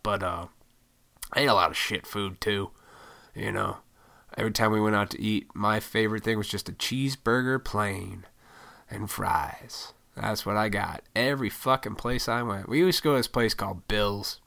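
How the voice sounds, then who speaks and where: Young man, profane casual rant, gravelly low voice with a bright, sharp edge. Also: moderate pace. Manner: profane, blunt, ranting. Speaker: solo talker.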